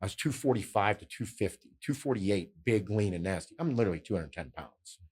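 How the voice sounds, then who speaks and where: A middle-aged man hosting a podcast in casual, animated chat, swearing freely and telling stories. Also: on the low side, fairly quick. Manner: animated, swearing, storytelling with quoted voices. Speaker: podcast host.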